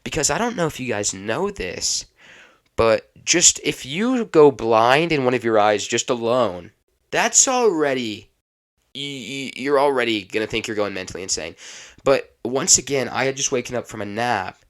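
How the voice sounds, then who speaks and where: A young adult man hosting a podcast, telling a personal story in a lively, casual way and laughing now and then. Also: medium pitch, moderate pace, dry recording, studio quality. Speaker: podcast host.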